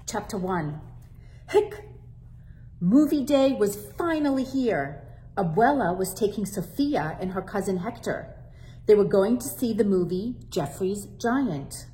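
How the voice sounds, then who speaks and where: Librarian lady reading a kids' story out loud, slow and lively, lots of ups and downs. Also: mid-range voice. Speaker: children's librarian. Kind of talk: storybook read-aloud.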